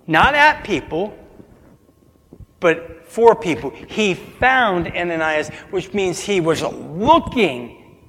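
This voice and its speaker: A man's voice: high voice, sing-song, slow, pushed and bright, in a large hall. A man preaching a sermon as pastor, asking the congregation call-and-response questions.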